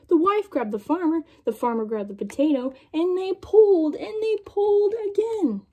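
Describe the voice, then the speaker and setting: Lively, high-voiced woman reading a picture book. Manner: animated storytelling with questions to young listeners. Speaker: children's story reader.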